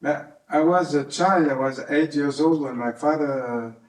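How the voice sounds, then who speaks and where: An older man from Brittany with a French accent, speaking English as an interviewee at his home, halting and searching for words with many fillers. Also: on the high side. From Brittany, France. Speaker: interviewee, harpist. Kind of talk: casual interview talk. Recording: echoey room, mic at a distance.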